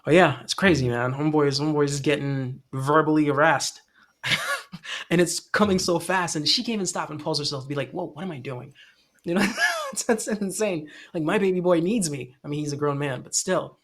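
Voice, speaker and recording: A man co-hosting a casual podcast about poetry who talks in an animated way, laughs often, swears and uses lots of fillers. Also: on the high side, brisk. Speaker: podcast co-host.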